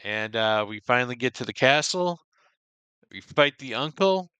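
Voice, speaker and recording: A man's voice: mid-range voice, lively intonation, normal speed, pushed and bright, clear, resonant tone, dry recording. A man hosting a casual podcast discussion, recapping loosely with lots of fillers and restarts. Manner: rambling recap with frequent fillers. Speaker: podcast host.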